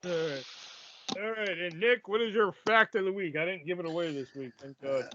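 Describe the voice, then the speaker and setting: Male podcast host, high voice, laughy, lo-fi. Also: normal speed, fairly bright tone, slight background noise. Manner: laughs often, runs the segments. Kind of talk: casual chat. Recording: dull lo-fi dry podcast mic.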